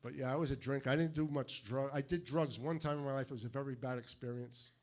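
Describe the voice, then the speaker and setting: An older man from Fall River with a New England accent, doing a stand-up routine of deadpan one-liners with punchy timing. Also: medium pitch, fast, slight background noise. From Fall River, Massachusetts. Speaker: stand-up comedian. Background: audience laughter.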